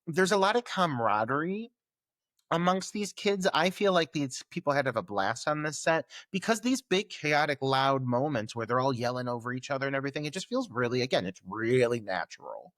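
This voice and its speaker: Excitable man chatting about a film. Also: medium pitch, fairly quick, dry recording, clean studio sound. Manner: laughing, excitable commentary. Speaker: podcast co-host. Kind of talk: casual film recap chat.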